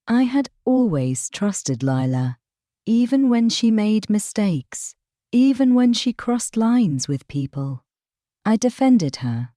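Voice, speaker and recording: A woman narrating a scripted first-person storytime in a steady, measured way. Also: lowish voice, no room sound, studio quality.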